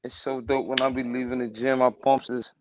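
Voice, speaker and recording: A man's voice: mid-range voice, little pitch movement, fairly quick, background noise. A man joining a livestream as a guest, putting in short, supportive remarks in casual talk. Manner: brief supportive backing remarks. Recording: dull lo-fi sound with music behind.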